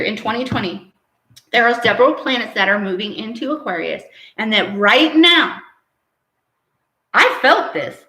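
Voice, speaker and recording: A woman medium talks to her live-stream audience in an animated, preachy way, often checking in with a quick "right?". Her voice sits in a middle range. The recording carries a clear echo from the room around her. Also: medium pitch. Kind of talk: live-stream chat answering viewer comments.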